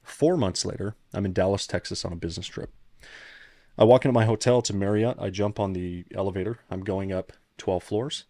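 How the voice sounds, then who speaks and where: Brisk and dark, with a voice that sits low, this podcast guest in his thirties is heard in studio quality with no room sound. Once a founder and now a CEO coach, he tells his own story earnestly and reflectively, often starting over when moved.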